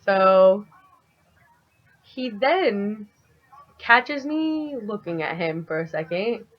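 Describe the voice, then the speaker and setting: A woman in her twenties telling a story in a chatty, casual monologue. Her pitch sits mid-range but moves in lively swings. The sound is somewhat dull and lo-fi. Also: extremely slow. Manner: chatty, animated, heavy use of "like". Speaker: vlogger.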